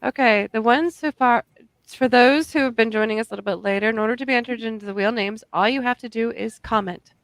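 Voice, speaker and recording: A woman hosting a book launch livestream over a video call, brisk and upbeat as she runs a giveaway. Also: on the high side, dry recording. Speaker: livestream host.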